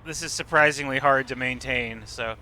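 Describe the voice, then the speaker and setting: A man's voice: mid-range voice, moderate pace, sharp tone, a little hiss or hum. A man streaming a game live, explaining what he sees with enthusiasm and casual swearing. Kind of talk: live gameplay commentary.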